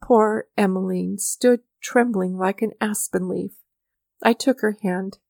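A woman reading a story aloud as narrator, with measured, mournful storytelling. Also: mid-range voice, steady tone, creaky, darkish tone, no room sound, clean studio sound. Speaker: audiobook narrator. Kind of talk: scripted narration.

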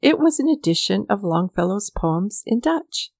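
A woman reading an old-fashioned story aloud in measured, even audiobook narration. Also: mid-range voice, gravelly, no echo, studio quality. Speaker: reader.

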